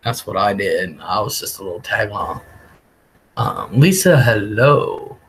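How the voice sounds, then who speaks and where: A man's voice: on the low side, big pitch swings, unhurried, gravelly, a bit bright, a little hiss or hum, poor audio. A man hosting a live stream, telling a rambling story casually, often laughing and swearing. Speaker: livestream host.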